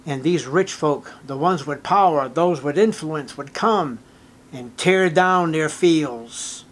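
A man's voice: on the high side, slow, a bit bright. An older man preaching a sermon, reading scripture aloud and commenting with growing emotion. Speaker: pastor.

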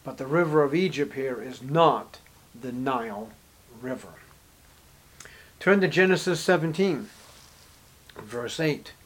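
A man's voice: lively intonation, slow, long pauses. A man preaching an expository Bible sermon, reading scripture aloud and asking rhetorical questions with strong emphasis. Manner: emphatic, rising to forceful highs on key words; reads scripture in King James style, asks rhetorical questions.

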